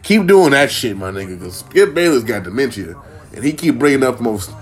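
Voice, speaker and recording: A Minnesota man hosts a solo podcast from home, keeping it loose, profane and full of rambling jokes. His medium-pitched voice swings widely in pitch, and he talks a little fast.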